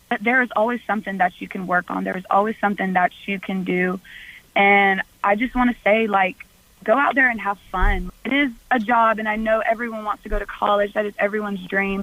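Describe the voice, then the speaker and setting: A young woman talks as a guest on a radio show. She speaks earnestly and chattily, leaning on "like" as a filler. Her voice sits at a middle pitch and sounds dry and close. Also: a bit bright, no echo, low-quality recording. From Mississippi, US. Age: young adult. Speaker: college softball pitcher, guest. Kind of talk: casual radio interview.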